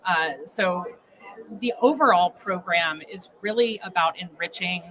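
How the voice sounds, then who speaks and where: A woman's voice: fairly low pitch, unhurried, background noise. A woman speaking as a guest in a live interview at a conference booth, enthusiastic and articulate. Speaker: interview guest, graduate student.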